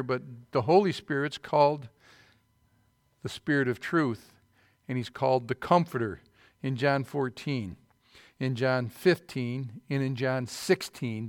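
A man's voice: mid-range voice, no room sound. Emphatic preaching man, dry close sound. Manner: emphatic preaching with rising bursts and asides. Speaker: pastor. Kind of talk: sermon.

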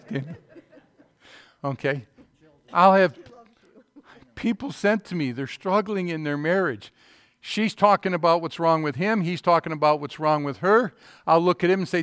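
Middle-aged male pastor, sermon delivery, a touch high-pitched, emphatic with quiet asides, dry recording. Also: normal speed, long pauses, clear, resonant tone, dry recording. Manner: emphatic preaching with rising bursts and asides.

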